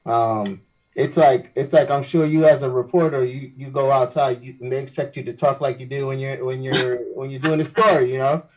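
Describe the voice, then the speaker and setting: Husky man telling animated stories. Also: mid-range voice, normal speed. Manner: animated storyteller with frequent "you know" and restarts. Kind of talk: casual podcast chat, storytelling.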